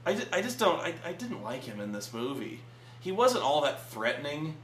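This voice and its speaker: A man reviewing a film in casual chat at a friend's house, animated and profane, stammering through restarts. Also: a little high, normal speed. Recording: echoey room with faint hum.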